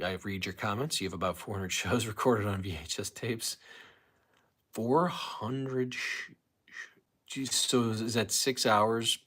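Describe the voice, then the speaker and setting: A man's voice: low voice, sharp tone. A man hosting a casual live stream, rambling, restarting his sentences and reading viewer comments aloud.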